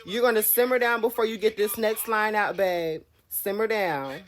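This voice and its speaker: A man's voice: sits high, normal speed, fairly bright tone. A young man telling a story in a casual vlog, who animatedly acts out other people's dialogue. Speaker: vlogger.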